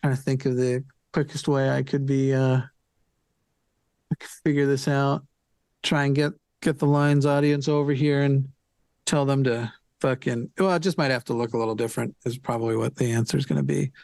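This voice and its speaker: A man's voice: medium pitch, flat delivery, moderate pace, gravelly, a little mellow, no echo. A man joining a charity livestream as a guest, joking, teasing and thinking aloud while he fixes his stream settings. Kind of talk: casual livestream chat.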